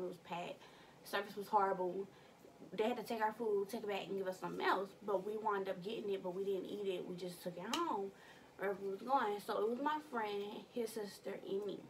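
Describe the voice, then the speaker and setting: A young woman vlogging from her bedroom, telling a story in an animated, slangy way with some cussing. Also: medium pitch, a little fast, distant mic, a little hiss or hum. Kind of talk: casual storytime vlog.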